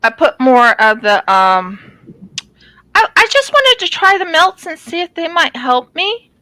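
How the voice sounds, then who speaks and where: A woman's voice: extremely high pitch, big pitch swings, unhurried, bright, forceful tone, no room sound, low-quality recording. A woman hosting a craft channel, chatting casually while she works on a painting, rambling a little with ums and restarts.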